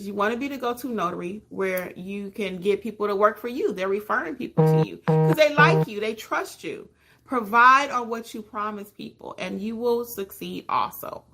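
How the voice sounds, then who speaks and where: A woman hosting a live stream, reading out viewer comments and answering them in a warm, chatty, emotional way with sudden excited jumps in pitch. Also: vocal fry. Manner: calls listeners honey and hon. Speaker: podcast host.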